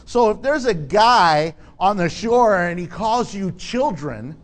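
A man preaching a sermon, animated and laughing often, acting out the people in his story. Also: high-pitched, slow. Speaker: pastor.

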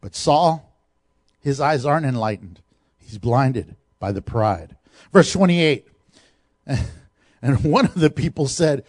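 A middle-aged man preaching a sermon, animated, with laughs and asides to the congregation. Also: mid-range voice, unhurried, long pauses, dry recording, clean studio sound. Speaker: pastor.

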